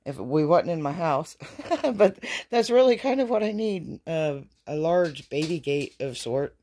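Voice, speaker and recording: A woman's voice: low-pitched, animated, a little slow, dark tone. A woman chatting casually at home into her phone camera, rambling and hesitant with many fillers and restarts. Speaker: vlogger caring for her dogs. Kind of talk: casual home vlog chat.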